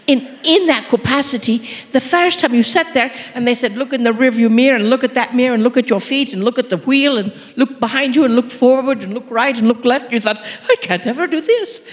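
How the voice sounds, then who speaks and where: A woman's voice: fairly high pitch, fairly quick, hardly any pauses. A woman giving a channeled spiritual talk in a playful, coaxing manner, with chuckling asides. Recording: long reverb in a hall.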